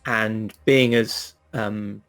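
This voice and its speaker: A man narrating a tabletop game as game master, hesitant and filling pauses with ums. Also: lowish voice, fairly even intonation, a bit bright.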